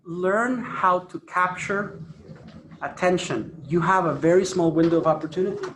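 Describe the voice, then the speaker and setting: A man's voice: sits high, moderate pace, fairly bright tone, echoey room, slight background noise. A man coaching a phone sales team, emphatic and repeating points for stress. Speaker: sales trainer. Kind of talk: phone sales training talk. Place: office phone room.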